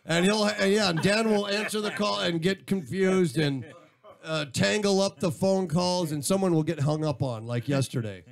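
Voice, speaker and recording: A man's voice: sits high, normal speed, gravelly. A man hosting a radio talk show, rambling with fillers and switching to an announcer tone for the call-in number. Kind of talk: casual radio chat. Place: radio studio.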